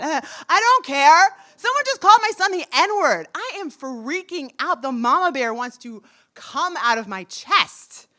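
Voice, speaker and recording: Woman, 40s, live storyteller; expressive and bright, slightly high pitch. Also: a little slow. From United States. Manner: animated, acts out quoted voices.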